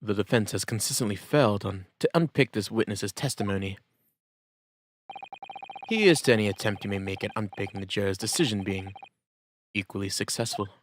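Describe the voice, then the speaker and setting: A man voicing a cold, disdainful aristocratic male prosecutor, reading game dialogue in a slow, haughty drawl. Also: on the low side, noisy background, pitched below the performer's own voice, natural voice.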